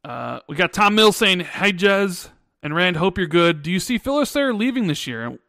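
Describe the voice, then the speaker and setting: A man's voice: sits high, big pitch swings, normal speed, bright, forceful tone, no room sound, clean studio sound. A man in his thirties, co-hosting a podcast, who chats casually and tells rambling stories with many restarts. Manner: rambling storyteller, restarts often. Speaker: podcast co-host. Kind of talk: casual chat.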